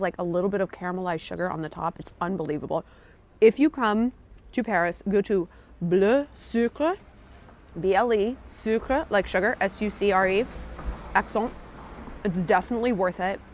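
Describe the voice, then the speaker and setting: A woman talking to camera in a casual travel vlog, chatty, excitable and jokey, recorded outdoors on a handheld camera. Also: medium pitch. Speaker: travel vlogger. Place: outdoors on a café patio and in city streets.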